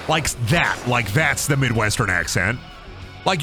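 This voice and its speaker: A man's voice: mid-range voice, very animated, moderate pace, sharp tone, faint music behind. A young man from Iowa with an Iowan accent, streaming a game with rambling, joking, profane commentary. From Iowa, USA. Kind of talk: casual gaming commentary.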